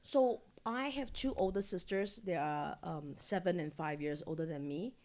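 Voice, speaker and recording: Candid, animated woman from Singapore. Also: lowish voice, normal speed. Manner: candid, swears freely, animated storyteller. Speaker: podcast guest. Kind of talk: casual interview storytelling.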